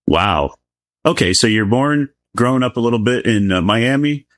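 A middle-aged man hosting a casual interview, asking questions in a relaxed and friendly way. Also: mid-range voice, moderate pace, no room sound, studio quality. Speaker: host.

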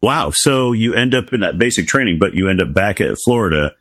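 Low voiced guy hosting, short laid back questions, dry close sound. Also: animated, a little fast, a bit bright, dry recording. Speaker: host, interviewer. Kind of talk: casual interview questions.

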